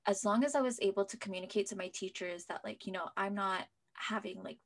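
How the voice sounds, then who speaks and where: A young woman, a guest in an interview, shares her own story chattily, sprinkling in lots of "like" and now and then sinking to a soft near-whisper. Her voice sits at medium pitch and sounds gravelly, and she talks briskly.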